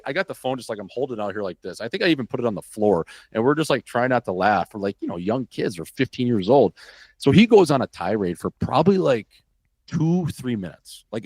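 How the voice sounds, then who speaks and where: Speaking at medium pitch with no echo, a Wisconsin man who used to play hockey guests on a podcast. His storytelling is casual, animated and peppered with profanity.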